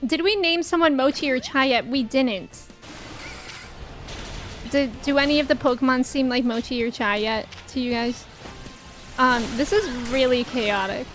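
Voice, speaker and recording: A young woman streaming a game live, chatting to her viewers, excitable and quick to shriek or laugh when startled. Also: high voice. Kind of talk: live gameplay commentary. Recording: game music playing underneath. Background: faint game music.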